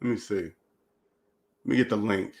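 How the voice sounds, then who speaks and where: A man's voice: fairly low pitch, moderate pace, gravelly. A man hosting a livestream, ranting in a preachy, mocking way while reading chat, with a voice still getting over a cold. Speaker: channel host.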